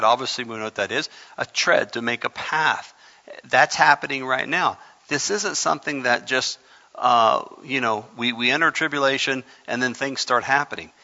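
A man preaching as pastor, animated, repeating words and pushing sudden loud emphasis. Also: medium pitch. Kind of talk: sermon. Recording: dull sound in a reverberant hall.

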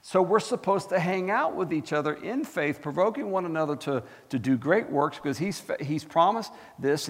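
A man preaching a sermon as pastor, animated and asking the congregation questions. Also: on the high side, long reverb tail. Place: church.

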